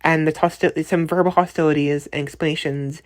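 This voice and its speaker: A woman with a notably low, deep-set voice talks through a dream in a casual, unscripted voice memo. She rambles, doubles back on her words and keeps checking in with the listener. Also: fairly even intonation, fairly quick. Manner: rambling, many restarts and tag questions. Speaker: dream storyteller.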